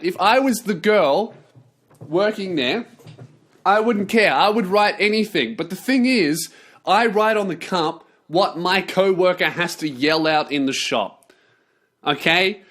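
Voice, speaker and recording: A male vlogger delivering a profane, sarcastic rant with plenty of energy. His voice sits a little higher than most men's. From not from the United States. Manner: sweary, sarcastic, animated. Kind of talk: profane ranting commentary.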